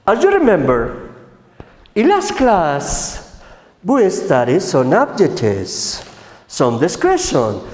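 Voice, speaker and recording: A man's voice: high voice, darkish tone. A man teaching an English lesson on TV, switching between English and Spanish and drawing out model phrases for students to repeat. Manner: slow, drawn-out model phrases for repetition. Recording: echoey room with long reverb.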